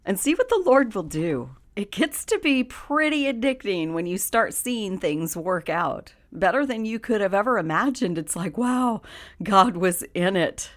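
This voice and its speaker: A woman's voice: mid-range voice, very animated, normal speed, hardly any pauses. A woman hosting a devotional podcast, earnest and encouraging, with frequent laughs. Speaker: podcast host giving a devotional.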